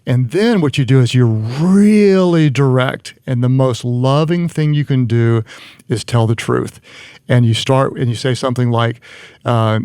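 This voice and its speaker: A man with a gravelly, fry-tinged voice gives earnest leadership advice in a relaxed, conversational way. He often backs up and restarts his sentences. The recording is dry and close. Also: mid-range voice, moderate pace, no echo. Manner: earnest, explanatory, frequent restarts. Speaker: leadership guest.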